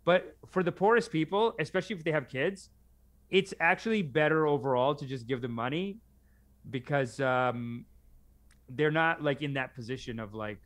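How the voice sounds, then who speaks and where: A man's voice: fairly high pitch, moderate pace, a bit bright. A man co-hosting a casual political chat, blunt, dismissive and swearing freely. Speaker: podcast co-host.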